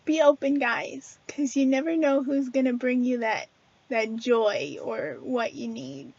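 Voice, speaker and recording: High-pitched woman chatting to her viewers, earnest, lots of ums, dry dull sound. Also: unhurried, creaky, a little mellow, no echo. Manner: chatty and earnest, many fillers and restarts. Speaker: spiritual video host. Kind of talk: casual spiritual talk to camera.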